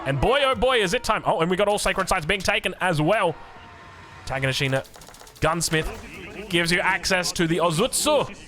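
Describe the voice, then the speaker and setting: An Australian man giving energetic, jokey commentary on a strategy game match. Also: high voice, moderate pace, pauses often. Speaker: game caster. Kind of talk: excited esports commentary.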